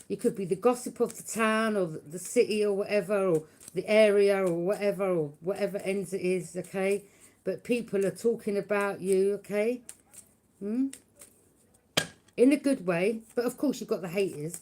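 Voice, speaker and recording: A woman's voice: mid-range voice, slight background noise. A woman giving a live tarot reading. She taunts unseen enemies, laughs at them mockingly and keeps checking in with "yeah?". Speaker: tarot reader.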